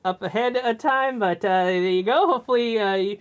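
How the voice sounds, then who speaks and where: A woman's voice: mid-range voice, a little fast, clear, resonant tone. A woman co-hosting in casual chat, hesitant and full of filler words. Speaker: co-host.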